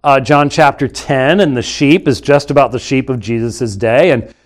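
A man's voice: mid-range voice, moderate pace. A man hosting a live webcast and teaching on the Bible, talking in an emphatic, argumentative way with frequent restarts from a studio. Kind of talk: unscripted live commentary. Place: studio with screens and computer.

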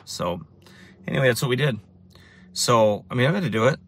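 A man's voice: mid-range voice, animated, fairly quick. A man who preaches on the street tells stories in a casual monologue, often repeating phrases for emphasis. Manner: repetitive, restarts phrases for emphasis.

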